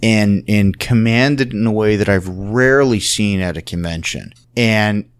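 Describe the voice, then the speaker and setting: A man hosting a podcast, casually recapping a convention panel in an animated storytelling way. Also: on the low side, unhurried, clean tone. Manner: animated storytelling, acts out quotes. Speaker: podcast host.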